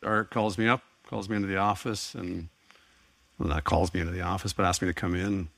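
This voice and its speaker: A man's voice: deep voice, steady tone, fairly quick, vocal fry, fairly bright tone, no echo. A middle-aged man preaching a sermon, telling a personal story with earnest, wry asides. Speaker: pastor.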